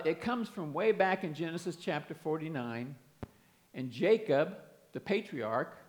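A man preaching a sermon, earnestly explaining and reading scripture aloud with emphasis. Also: a little high.

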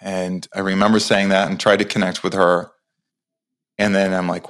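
A man in his forties, a podcast guest, telling an animated story with many restarts and acted-out lines. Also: low voice, normal speed, long pauses. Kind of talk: casual storytelling interview.

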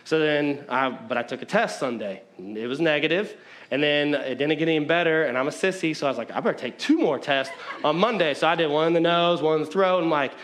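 A man's voice: a little high, brisk. Conversational man preaching a sermon. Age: adult, married with children. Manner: conversational, self-mocking, lively preaching.

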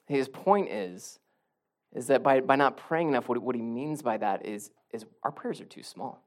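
Guy preaching a sermon, goes hushed then loud, keeps repeating himself for punch. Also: mid-range voice, expressive, moderate pace. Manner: swings from soft near-whispers to loud emphatic bursts; repeats and restarts phrases for emphasis. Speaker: pastor.

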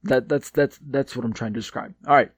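A man teaches from a Bible commentary in a mid-pitched voice, stopping often on fillers and restarts. He leans hard on the points he cares about. The sound is close and dry, with no room in it. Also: a little fast, breathy edge, no room sound. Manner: hesitant, many fillers and restarts; emphatic on key points. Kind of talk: reading and explaining a commentary.

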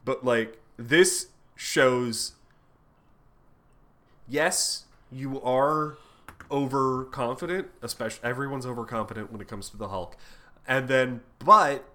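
Male podcast co-host, mid-range voice, loose and profane, animated when retelling scenes. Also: mid-range voice, slow. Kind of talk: casual chat recapping a comic.

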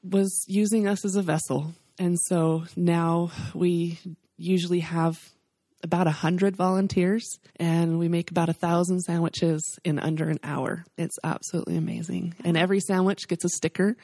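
A woman in her forties speaking earnestly and with feeling about her life and faith, as a guest on a talk show. Her voice sits low and sounds mellow and warm. The recording is close and dry. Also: no echo. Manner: earnest, emotional, faith-filled storytelling. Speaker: guest, charity founder. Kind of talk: heartfelt storytelling interview.

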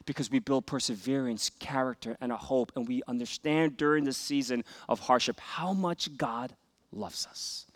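A man preaching a sermon as a pastor, earnest, rising for emphatic scripture readings and dropping to soft, hushed asides. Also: medium pitch, normal speed, few pauses.

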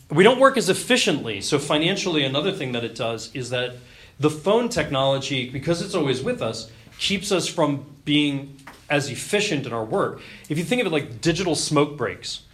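A man's voice: mid-range voice, a bit bright. A man teaching a class in a loose, joking, story-filled way with lots of ums and restarts. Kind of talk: classroom talk.

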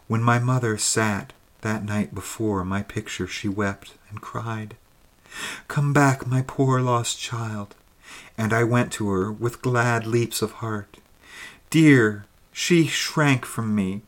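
A man reading the lines of a young woman's ghost, once burned as a witch, in a soft, intimate, pleading way. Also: on the low side.

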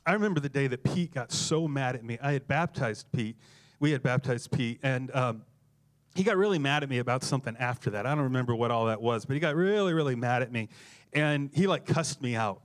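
A man's voice: mid-range voice, normal speed, pauses often. A middle-aged man, a pastor, preaching a sermon full of humorous, self-deprecating stories. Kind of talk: sermon with storytelling.

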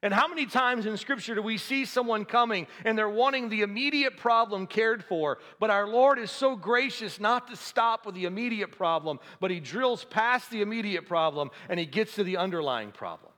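A man's voice: high-pitched, expressive, moderate pace, few pauses, pushed and bright, big-room sound. A male pastor preaching a sermon, building to fervent, emphatic passages and easing back to a conversational tone with the congregation.

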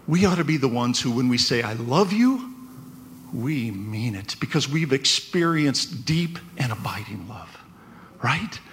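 A man's voice: mid-range voice, expressive, measured pace, fairly bright tone, slight background noise. A man preaching a conversational sermon, often checking in with "right?". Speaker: pastor.

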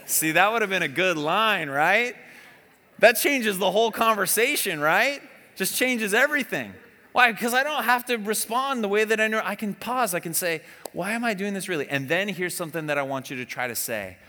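A man preaching a conversational sermon as a pastor, animated and often asking the audience questions. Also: high voice, normal speed. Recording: long hall reverb.

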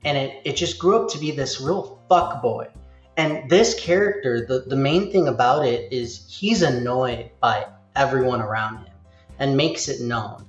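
A man's voice: medium pitch, a little slow. A man talks through a game in a loose, rambling way, dropping into little acted quotes. His voice sits in an ordinary middle register. It is recorded in a roomy space with a slightly dull sound and faint music underneath. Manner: rambling, animated, acts out quotes. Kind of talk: casual chat.

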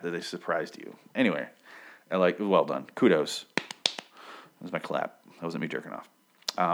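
A man's voice: deep voice, a bit bright. A man casually recapping a TV episode, rambling and profane, often correcting himself mid-sentence.

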